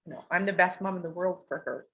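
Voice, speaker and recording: Her voice sits on the low side, a bit bright, and she talks quickly as a podcast guest telling personal stories. The delivery is rambling, emotional and confessional, with casual swearing, and the recording is rough.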